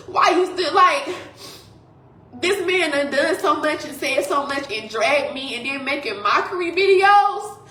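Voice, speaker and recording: A woman's voice: very high voice, a bit bright, reverberant. A woman in tears, swearing and speaking straight to her viewers in an emotional confessional rant. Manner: tearful, swearing, addresses audience directly. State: crying. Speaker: vlogger.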